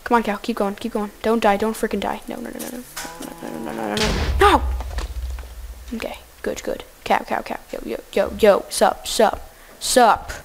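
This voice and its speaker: A woman giving goofy, excitable casual gameplay commentary, talking to the animals in her game. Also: fairly high pitch, normal speed, vocal fry, slight background noise.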